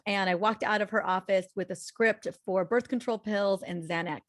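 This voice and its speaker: A woman's voice: medium pitch, normal speed, no room sound. Dry-sounding woman in her forties. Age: 40s. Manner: candid and animated, often restarts with repeated words. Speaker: guest, health practitioner. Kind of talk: conversational interview storytelling.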